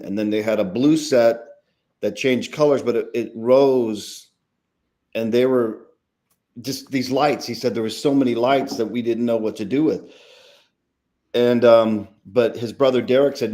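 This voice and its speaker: A man, a documentary filmmaker, telling a story casually as a guest, animated and quoting others, with frequent restarts. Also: medium pitch.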